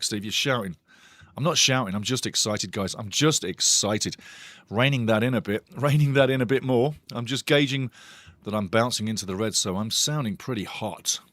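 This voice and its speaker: A man hosting a live football watch-along stream, chatty and excitable as he greets his chat and reads out the lineups. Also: mid-range voice, no echo. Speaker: watch-along show host.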